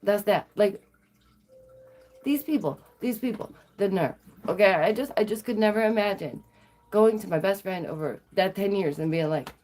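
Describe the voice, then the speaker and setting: A sassy woman vlogger talks straight to her viewers, animated and quick to laugh. Her voice sits at an ordinary middle pitch for a woman. She tells her stories with plenty of attitude. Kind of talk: casual storytelling to viewers.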